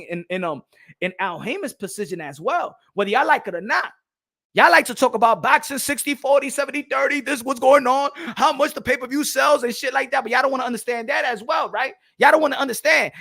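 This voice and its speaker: Boxing channel guy ranting hard, high pitched and gravelly, swearing a lot, yelling at his chat. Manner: loud, profane, heated ranting; talks straight to his viewers and chat. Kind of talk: ranting livestream commentary.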